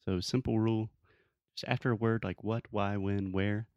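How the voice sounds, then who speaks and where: A young man with a low, deep voice explains grammar patiently in a relaxed conversational lesson. The recording is dry and a little dull. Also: normal speed, clear, resonant tone, no room sound. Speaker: English teacher. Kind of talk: casual podcast lesson.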